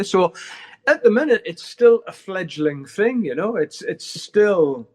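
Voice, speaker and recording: A man's voice: high voice, animated, measured pace, darkish tone. A middle-aged man, chatting candidly as an interview guest and swearing freely as he rambles. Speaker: guest musician. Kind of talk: casual interview chat.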